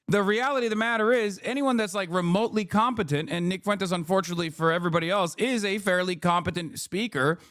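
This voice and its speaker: A man's voice: sits high, fairly bright tone, dry recording. Sarcastic streamer man, dry sound. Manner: sarcastic, ranting. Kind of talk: live-stream reaction commentary.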